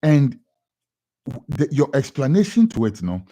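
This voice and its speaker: A young Ghanaian man with a Ghanaian accent giving an animated editorial commentary on radio, often repeating words for emphasis. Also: mid-range voice, measured pace.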